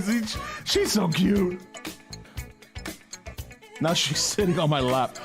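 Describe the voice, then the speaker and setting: A man's voice: high-pitched, animated, takes it slowly, pauses often, music in the background. A man chatting playfully on a live stream, joking around and talking to his dog. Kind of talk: casual live stream chat.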